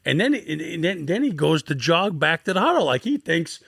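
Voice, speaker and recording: A man in his fifties telling rough, profane stories as a podcast guest in an animated, swearing way. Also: fairly high pitch, moderate pace, dry recording, clean studio sound. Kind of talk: casual storytelling on a sports podcast.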